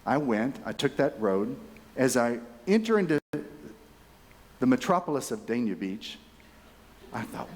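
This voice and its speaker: A man, giving a conference keynote as a lively storyteller who speaks straight to his audience. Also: medium pitch, measured pace, long pauses, slight background noise. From Texas. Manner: animated, chatty, addresses audience directly. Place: conference hall. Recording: reverberant conference hall.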